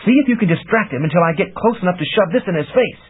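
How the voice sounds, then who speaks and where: A man's voice: sits high, animated, fast, husky, voice pushed up. A man voicing an earnest, devoted young hero in a slightly raised voice, heard over tinny phone-like audio.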